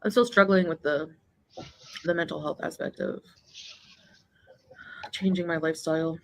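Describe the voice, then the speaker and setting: A woman's voice: low voice, fairly even intonation, normal speed, gravelly, poor audio. Chatty woman rambling while eating. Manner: chatty, rambling, laughs often. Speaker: vlogger. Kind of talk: casual eating vlog chat.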